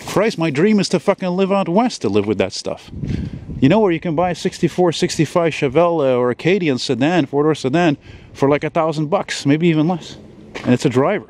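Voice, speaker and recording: A vlogger films a casual video on a handheld camera while walking down a city street outdoors, rambling profanely with lots of fillers. His voice is a little high, expressive, a little fast and a little mellow, with a slight hiss or hum in the recording.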